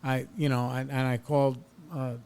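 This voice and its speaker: A man's voice: medium pitch, flat delivery, normal speed, darkish tone, clean tone. A man in his thirties hosting a podcast, telling a personal story in a blunt, profane, casual way and reliving an argument with rising heat. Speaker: podcast host.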